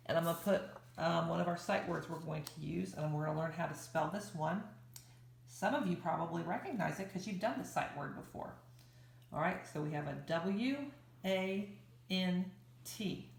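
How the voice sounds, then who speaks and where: A woman teacher giving a reading lesson to young children, spelling words out slowly and clearly. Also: on the low side, echoey room. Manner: slow, clear spelling out of letters for young learners.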